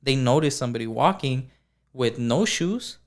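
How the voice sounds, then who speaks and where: A man co-hosting a podcast, telling a story in a casual, animated way with lots of filler words. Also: medium pitch, normal speed. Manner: animated, acts out dialogue, many fillers like "like". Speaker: podcast co-host.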